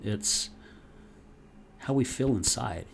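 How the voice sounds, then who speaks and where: Man, podcast host, casual storytelling, emphatic, mid-pitched voice. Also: slow pace, vocal fry, a little hiss or hum. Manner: animated, emphatic, swears casually.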